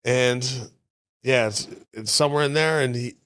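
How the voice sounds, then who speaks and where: A middle-aged man, a stand-up comedian, telling frank, profane stories in a relaxed way as a podcast guest on a close mic. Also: medium pitch, measured pace, dry recording. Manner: frank, profane, laid-back storyteller. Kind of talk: candid storytelling in casual interview.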